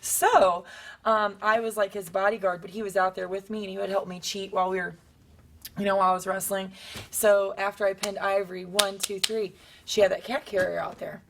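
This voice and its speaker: A young woman wrestler telling stories in a casual interview, acting out quotes with sudden high bursts. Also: level tone, fairly quick, creaky, a bit bright, slight background noise.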